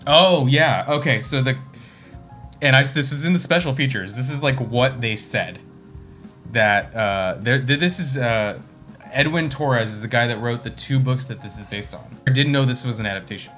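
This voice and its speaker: A man's voice: medium pitch, moderate pace, a bit bright, faint music behind. Casual male podcast co-host. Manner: rambling, swears freely, quotes lines. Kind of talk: casual movie discussion.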